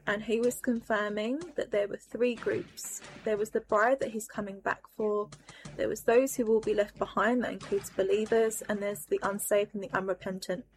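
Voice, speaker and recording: A woman solemnly recounting a vision in a measured personal testimony. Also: mid-range voice, little pitch movement, a little hiss or hum.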